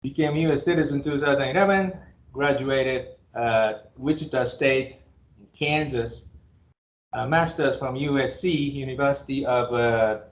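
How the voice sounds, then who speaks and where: A man's voice: mid-range voice, steady tone, unhurried. A man in his fifties from Japan, with a Japanese accent, giving a classroom lecture as an engineering professor in a blunt, joking way and chuckling between remarks. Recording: roomy, dull classroom recording.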